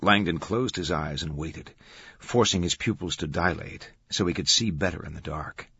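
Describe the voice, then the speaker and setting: A man narrates an audiobook in a measured, dramatic way. His voice is very low and strongly husky. The recording is dry and slightly dull. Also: sharp tone. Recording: dull, dry studio sound.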